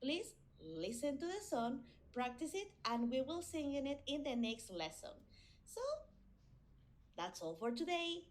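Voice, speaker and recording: Slow, lively woman teaching children. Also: high-pitched. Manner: imitates animal sounds between words. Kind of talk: slow, deliberate classroom instruction.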